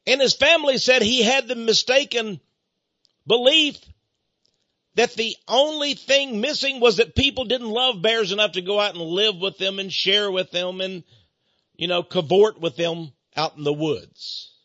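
An older man hosting a radio show, talking in a preachy monologue that swings between hushed asides and emphatic declarations, with frequent chuckles. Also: high-pitched, measured pace, dry recording. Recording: dull lo-fi radio broadcast.

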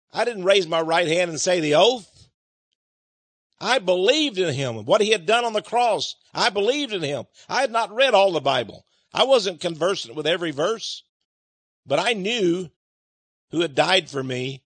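High, lively-voiced male preacher. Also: moderate pace, dry recording. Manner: emphatic, with rhetorical questions to the listeners; chuckles between points. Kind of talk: sermon reading and explaining scripture.

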